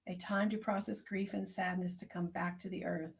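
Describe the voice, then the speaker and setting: A woman herbalist hosting an online tea circle, speaking in a gentle, unhurried, prayerful way as she reflects and reads out messages. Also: fairly low pitch, flat delivery, creaky, a little hiss or hum. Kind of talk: reflective spoken meditation and chat reading.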